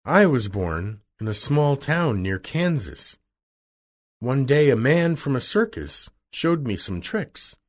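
A man's voice: mid-range voice, big pitch swings, takes it slowly, pitched above the performer's own voice. A man reading aloud and voicing a frightened little old male wizard who speaks in a small, pleading voice. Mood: explaining.

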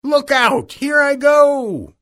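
A man voicing a wicked old witch woman in a shrill, wailing storybook voice. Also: wildly swooping pitch, slow pace, bright, forceful tone, exaggerated voice. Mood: shrieking.

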